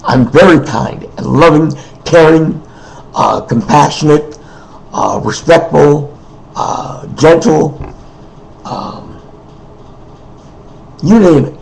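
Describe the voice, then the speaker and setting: A man speaking in an unscripted personal monologue, emotional and weary, halting, repeating himself and often clearing his throat. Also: on the high side, expressive, darkish tone, low-quality recording. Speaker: person making a personal appeal.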